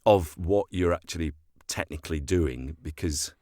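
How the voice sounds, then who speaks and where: Older voiceover guy, really low voice, chatty storyteller, trips over his words a lot, dry close sound. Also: normal speed, a little mellow, no room sound. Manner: anecdotal, self-deprecating storyteller with frequent restarts. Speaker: voiceover artist and actor. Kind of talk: relaxed interview chat.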